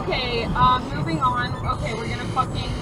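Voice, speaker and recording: A young woman riding as a rideshare passenger, loud and giddy, shouting answers and swearing. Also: sits high, steady tone, a little fast, recorded from a distance, over loud music, poor audio. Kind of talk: rowdy casual chatter. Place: inside a car at night. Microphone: dashboard camera. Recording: loud car noise, dashcam audio.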